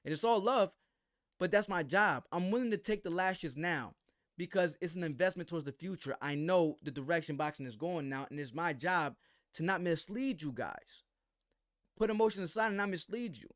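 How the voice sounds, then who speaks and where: A man's voice: a little high, no echo, clean studio sound. A man hosting a live boxing commentary stream, talking in slang with a defensive tone and asking "right?" again and again.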